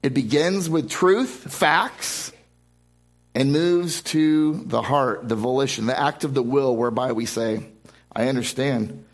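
Speaking at a measured pace in a mid-range voice, this man preaches to a church congregation as their pastor. He is emphatic, frequently repeating words and starting phrases over.

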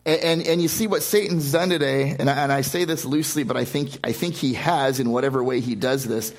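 A man's voice: mid-range voice, a little fast. A man preaching a sermon to a congregation as pastor, speaking emphatically and often repeating words and restarting phrases. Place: church service before a congregation.

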